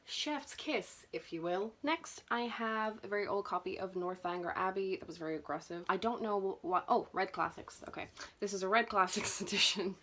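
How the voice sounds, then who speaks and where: A woman's voice: lowish voice, fairly bright tone. A young woman chatting nervously and self-consciously through her book collection for a vlog. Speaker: booktuber. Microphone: camera mic.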